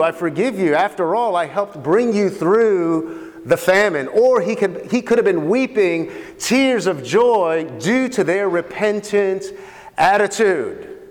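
A man's voice: high-pitched, big-room sound. A man preaching a sermon. He asks the congregation questions and repeats key phrases for emphasis. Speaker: pastor.

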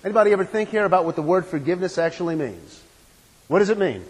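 A man's voice: sits high, expressive, fast, slightly rough, in a large hall, low-quality recording. A man preaching a sermon in an earnest, emphatic way, asking the room questions and stressing key words.

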